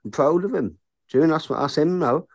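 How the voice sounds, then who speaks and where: A man's voice: fairly high pitch, fast talker. A man in his thirties, a bare-knuckle fighter, talking frankly in a casual interview and often asking "do you know what I mean?".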